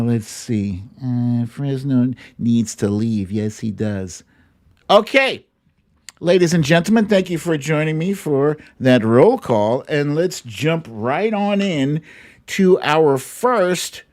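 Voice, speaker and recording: A man's voice: fairly high pitch, a little mellow. A man hosting a live stream, reading out viewers' greetings with playful, sing-song asides and little hums. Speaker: livestream host. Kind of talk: reading a live chat roll call.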